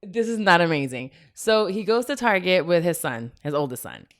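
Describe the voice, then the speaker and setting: Woman podcast co-host, thirties, lively storyteller who laughs through her stories and acts out quotes. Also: lowish voice, normal speed. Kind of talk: casual chat.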